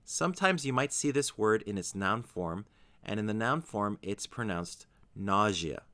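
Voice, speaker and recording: A man with a fairly low voice gives a scripted English vocabulary lesson. His pitch rises and falls a great deal as he explains. He slows down on each example word so it comes through clearly. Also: expressive, fairly bright tone. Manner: slow, careful pronunciation of example words. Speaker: English teacher.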